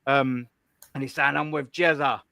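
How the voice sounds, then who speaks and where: A man's voice: medium pitch, fairly even intonation, normal speed, vocal fry, sharp tone, dry recording. A young man hosting a live call-in stream, ranting bluntly and profanely in a combative way.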